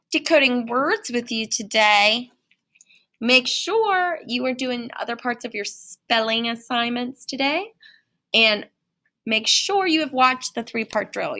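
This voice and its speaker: A woman teacher giving a playful, animated phonics lesson to young children. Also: a little high.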